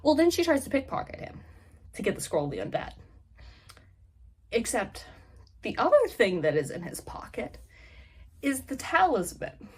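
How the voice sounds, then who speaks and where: A woman's voice: on the high side, big pitch swings, normal speed, pauses often, breathy edge. A woman casually recapping a fantasy novel's plot, rambling with lots of "like" fillers. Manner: rambling, heavy use of "like" fillers. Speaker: book reviewer.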